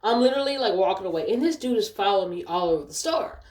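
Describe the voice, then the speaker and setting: A woman vlogger telling a casual, animated storytime in a blunt, profane way. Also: medium pitch, fast talker. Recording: roomy echo.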